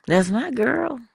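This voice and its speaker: A woman's voice: a little high, creaky, a little mellow, breathy edge, no room sound, clean studio sound, pitched above the performer's own voice, exaggerated voice. A woman voicing a grown man smitten with his partner, speaking in a doting, half-whispered murmur. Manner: doting, savoring, playful.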